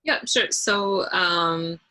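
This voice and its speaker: Slow, bright-voiced woman organizer. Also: lowish voice. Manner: measured, restating points.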